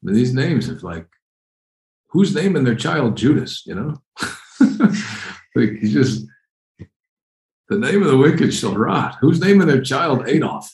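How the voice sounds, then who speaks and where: A man's voice: medium pitch, very animated, measured pace, long pauses, a little mellow, reverberant, poor audio. A man preaching a conversational, emphatic sermon, often repeating phrases as he explains Bible verses. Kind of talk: expository sermon.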